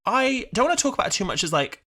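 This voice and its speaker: Brit guy in his 20s cohosting a podcast, giggly and animated, bright voice bouncing all over. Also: high voice. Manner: animated, giggly, slips into quick impressions of characters. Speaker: podcast co-host. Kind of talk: casual chat.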